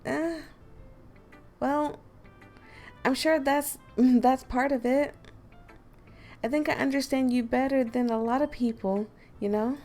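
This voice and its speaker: A woman voicing a bubbly, affectionate teenage schoolgirl in a game, gushing in a high, sweet, giggly sing-song. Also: fairly even intonation, slow pace, pauses often, mellow, soft background music. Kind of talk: reading game dialogue aloud.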